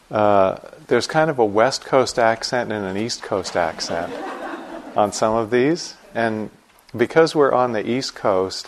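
A man guiding a meditation group before chanting, explaining patiently with gentle humor. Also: on the low side. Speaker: meditation teacher.

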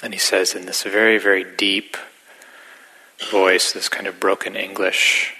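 A middle-aged man giving a gentle, reflective dharma talk as a meditation teacher, sometimes dropping to a whisper. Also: sits low, level tone, a little slow, breathy edge, poor audio.

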